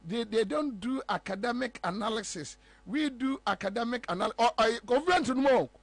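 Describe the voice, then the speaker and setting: Animated Ghanaian talk show host. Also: male voice, extremely high pitch, brisk, gravelly. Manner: animated, emphatic, switching between English and Twi. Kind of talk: political commentary.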